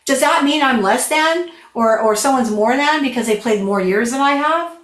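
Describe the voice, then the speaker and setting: Chatty, high-voiced woman flute teacher. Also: normal speed, roomy sound. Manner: chatty, enthusiastic, animated storytelling. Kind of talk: online masterclass teaching. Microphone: video call.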